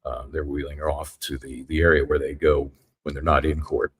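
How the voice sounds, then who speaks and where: A man giving a live courtroom recap as a trial reporter, retelling events in a halting, methodical way. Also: extremely low pitch, flat delivery, slight background noise.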